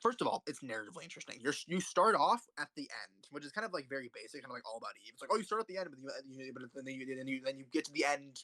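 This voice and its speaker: Young male host, fast and heated, raving and cursing over favorite films; dry, close recording. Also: medium pitch, lively intonation, bright, forceful tone, no echo. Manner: rambling, passionate, swears often. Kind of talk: casual film commentary.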